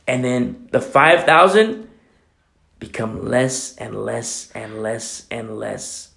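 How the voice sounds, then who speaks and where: A man preaching a sermon, animated, acting out little dialogues as he teaches. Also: mid-range voice, slow, creaky. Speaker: pastor.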